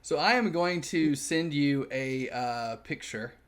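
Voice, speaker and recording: A man hosting a casual interview podcast, enthusiastic and quick to laugh. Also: fairly high pitch. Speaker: podcast host.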